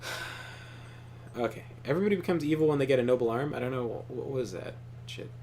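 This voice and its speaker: A young man's medium-pitched voice comes fast, with a little background hiss or hum. Co-hosting a gaming video, he plays while telling animated stories, laughing often and swearing freely in relaxed commentary.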